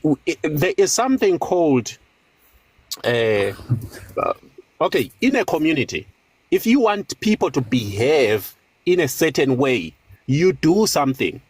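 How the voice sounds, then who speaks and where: A man's voice: on the high side, husky, no echo. A man from Zimbabwe arguing in a heated debate, repeating words and talking over the others.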